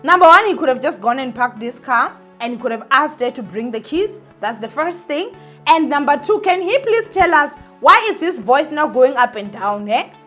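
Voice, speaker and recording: A woman's voice: high-pitched, very animated, moderate pace, a bit bright, faint music behind. A woman giving an opinionated vlog commentary, ranting indignantly and speaking straight to her viewers. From South Africa. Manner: emphatic, repeats points, many fillers. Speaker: entertainment vlogger.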